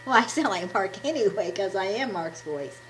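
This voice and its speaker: Woman, hoarse from a cold, scratchy voice, children's show host, lively pitch, noisy recording. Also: normal speed. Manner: warm, encouraging teacher talk to children. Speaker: puppet ministry host. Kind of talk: children's devotional puppet show. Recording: steady background noise.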